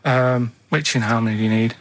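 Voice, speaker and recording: A man with a Mancunian accent talks in a flat, deadpan ramble, piling up small grievances as if they were obvious. His pitch sits mid-range for a man, and the studio mic catches him close and dry with no room sound. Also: quick pace, no room sound. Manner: deadpan, rambling, matter-of-fact complaints. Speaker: radio show regular. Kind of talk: casual radio chat. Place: radio studio. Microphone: studio microphone.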